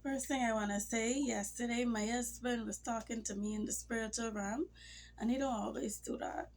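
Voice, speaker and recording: A woman's voice: a little high, fairly even intonation, normal speed, darkish tone, slight background noise. A woman talking casually to her camera in a rambling, emotional way. She has a cold and sometimes drops into near-whispers. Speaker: vlogger. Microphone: phone or camera mic.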